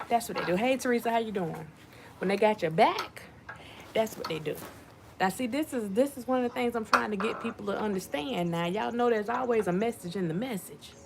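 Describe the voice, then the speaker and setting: A woman giving casual commentary to her viewers, animated and repetitive, talking to them as y'all. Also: mid-range voice, creaky, a little hiss or hum. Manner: animated, repeats herself, addresses viewers as y'all. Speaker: channel host.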